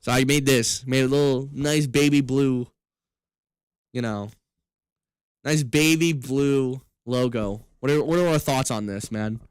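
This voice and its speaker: A man's voice: medium pitch, clean tone, dry recording. A young man live streaming, chatting loosely and profanely with viewers between laughs. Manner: loose, profane, fast-shifting banter with laughs. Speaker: gaming streamer.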